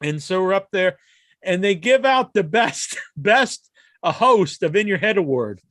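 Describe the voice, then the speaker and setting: Give me a podcast host with a high, bouncy voice, trading crude jokes and profanity in easygoing banter. He is recorded close on a dry mic. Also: expressive, measured pace, fairly bright tone, dry recording. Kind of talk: casual wrestling podcast chat.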